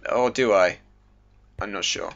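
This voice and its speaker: A man's voice: measured pace, creaky. A young man casually commentating his gameplay, goofy and chatty, joking with himself. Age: young adult. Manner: chatty and goofy, jokes to himself, lively pitch jumps. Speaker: gaming YouTuber. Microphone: desk microphone. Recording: dull home mic with faint hiss.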